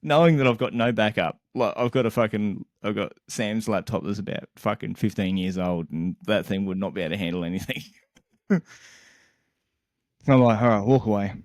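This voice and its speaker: A young man on a casual podcast, co-hosting and telling a story in an animated, exasperated way, swearing constantly and laughing mid-sentence. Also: fairly low pitch, normal speed, no echo, clean studio sound. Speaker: podcast co-host.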